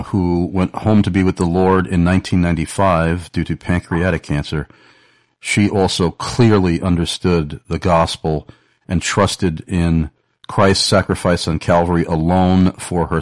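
A man hosting a religious call-in radio show, speaking earnestly and in a measured way, with frequent halting pauses. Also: low-pitched, dry recording. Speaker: radio talk show host.

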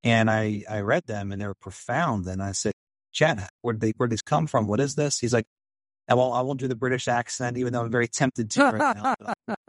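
A man's voice: medium pitch, a little fast, no room sound. A man in an interview telling a story with enthusiasm, acting out quotes in a raised voice. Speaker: film director and writer.

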